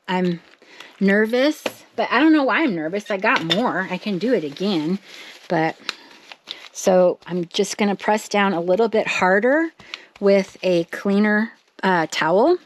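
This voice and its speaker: A woman talking casually to her viewers as she works on a craft project, chatty and thinking out loud, with excited bursts. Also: mid-range voice, slow pace, a little hiss or hum. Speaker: craft vlogger.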